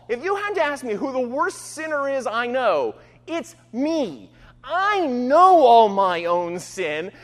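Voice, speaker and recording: Male pastor, casual sermon delivery, high, bouncy pitch, reverberant sanctuary. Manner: conversational, self-deprecating, keeps asking "right?". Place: church sanctuary.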